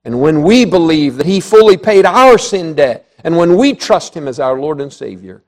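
A man preaching a sermon to a church congregation, emphatic, with swings between loud declarations and soft, hushed passages. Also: fairly high pitch, big pitch swings, normal speed, few pauses.

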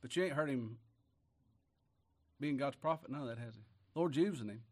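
A man from Kentucky with an Appalachian accent preaching a sermon, folksy and full of rhetorical questions, rising loud when he reads scripture. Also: medium pitch, normal speed.

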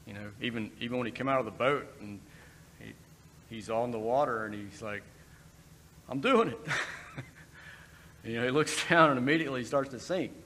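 A man's voice: medium pitch, fast talker, fairly bright tone. A man giving a conversational sermon, breaking into brief acted quotes. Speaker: preacher. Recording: long reverb in a hall, faint background noise.

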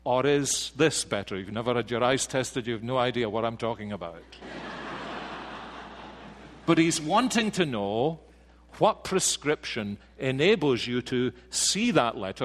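Slow, emphatic male preacher in echoing hall. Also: mid-range voice, animated. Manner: slow, emphatic, drops to quiet intensity then rises. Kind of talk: sermon. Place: church sanctuary. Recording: reverberant church hall.

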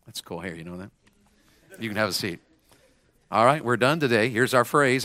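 A man preaching with a bright, forceful voice, animated and punchy. He leads the room in call-and-response phrases and works with a student volunteer as he goes. The sound is dry and close. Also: fairly low pitch, normal speed, long pauses, no room sound. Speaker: preacher at a school chapel. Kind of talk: sermon to students.

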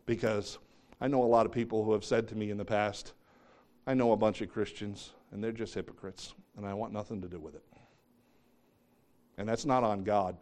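A man's voice: lowish voice, fairly even intonation, moderate pace, long pauses, a little mellow. A middle-aged man preaching a sermon in a conversational way, joking about himself and asking the congregation questions. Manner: conversational, self-deprecating, asks the congregation questions. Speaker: pastor.

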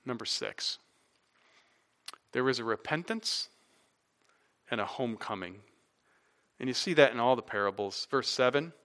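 A middle-aged man preaching a sermon as pastor, animated and conversational, rising loud for emphasis with casual asides. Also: medium pitch, normal speed, long pauses, clear, resonant tone.

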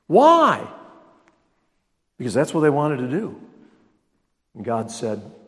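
An older man preaching a sermon as pastor, emphatic, swinging between loud exclamations and quiet asides. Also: medium pitch, wildly swooping pitch, slow pace. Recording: long reverb of a large hall.

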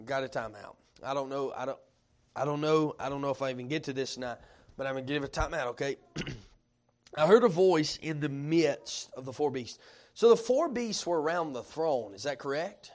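A man preaching a sermon, reading scripture slowly and stopping to ask the congregation questions in conversational asides. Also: mid-range voice, expressive. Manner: reads scripture slowly and deliberately.

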